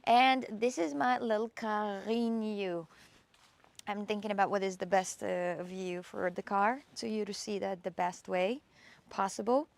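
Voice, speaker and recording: A woman's voice: medium pitch, fairly even intonation, a little slow, vocal fry. A woman hosting a casual live stream outdoors in her backyard, talking into her phone camera and often restarting her sentences. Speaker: livestream host.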